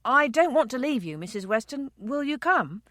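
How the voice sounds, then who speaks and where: A woman's voice: sits high, sing-song, normal speed, fairly bright tone, dry recording, pitched above the performer's own voice. Woman narrator voicing a loyal carriage driver man, earnest respectful tone, audiobook, dry sound. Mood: concerned. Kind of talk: audiobook character reading.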